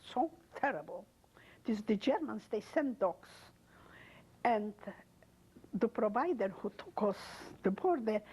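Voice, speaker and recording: In an oral history interview, an older woman tells her story haltingly with non-native phrasing, bringing in the words of the people she remembers. Her voice is husky, breathy, a little high and darkish in tone, and the recording quality is low.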